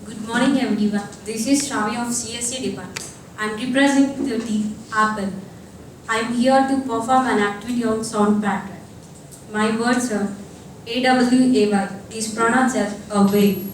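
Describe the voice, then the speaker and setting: A young woman presenting in class, spelling words letter by letter in a measured recital. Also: on the high side, steady tone, a little hiss or hum. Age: young adult. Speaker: student presenter. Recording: very echoey classroom from far off.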